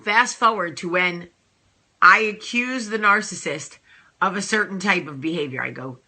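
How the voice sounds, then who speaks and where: Sassy, bright-voiced woman vlogger. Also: fairly low pitch, moderate pace. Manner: animated, emphatic, sassy. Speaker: host. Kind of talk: casual advice vlog talk.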